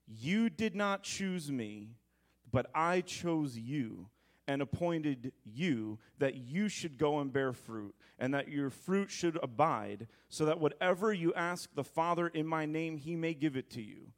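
A man in his thirties preaches from scripture in a slightly raised pitch, breaking off for dry, joking asides. He talks to the room conversationally and has the congregation repeat key words back to him. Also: lively intonation, takes it slowly. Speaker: pastor. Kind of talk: sermon.

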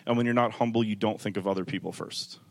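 A man's voice: fast, vocal fry. Man preaching a sermon to a congregation. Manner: builds from calm teaching to loud, high-pitched preaching; conversational asides to the congregation. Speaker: pastor.

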